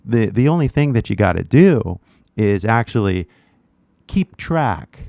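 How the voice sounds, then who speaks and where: A man's voice: fairly low pitch, big pitch swings, unhurried, gravelly, darkish tone, no room sound, lo-fi sound. A Californian man giving a casual spoken lesson, chatty and peppering his talk with "right?". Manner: chatty, many rhetorical "right?" tags. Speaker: language teacher.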